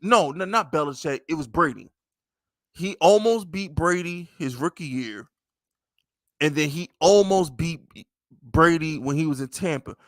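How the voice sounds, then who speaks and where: A man hosting a casual livestream sports chat, animated and profane, laughing often. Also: on the high side, dry recording. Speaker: podcast host.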